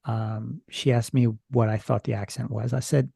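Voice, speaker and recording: Gravelly, husky man telling a story. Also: mid-range voice, flat delivery, normal speed, warm tone, dry recording, studio quality. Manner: rambling, hesitant retelling from notes. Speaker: podcast guest. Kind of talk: casual storytelling chat.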